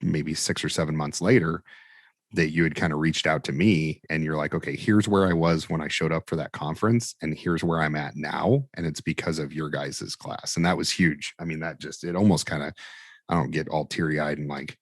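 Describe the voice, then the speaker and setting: Deep-voiced man telling a story. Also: normal speed, no echo, clean studio sound. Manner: animated, acts out quoted dialogue. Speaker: fire training instructor, podcast guest. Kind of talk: casual storytelling interview.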